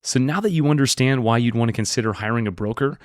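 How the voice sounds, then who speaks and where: A man's voice: medium pitch, fast talker, dry recording, studio quality. A man working as a business broker, presenting an explainer video in a direct, upbeat teaching tone.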